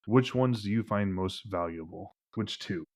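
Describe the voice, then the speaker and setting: A man's voice: fairly low pitch, moderate pace. A man running a tabletop game as game master, describing scenes in a rambling way full of "like" fillers.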